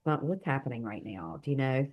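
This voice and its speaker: A woman acting out a disbelieving male police officer in a low, quiet voice. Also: animated, fairly quick, close to an everyday voice. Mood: hushed disbelief.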